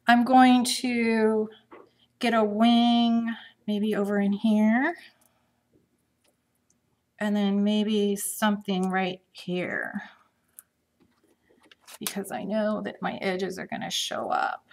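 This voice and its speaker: A woman's voice: medium pitch, fairly even intonation, slow, long pauses. A middle-aged woman chatting her way through a live craft demonstration, thinking aloud as she works.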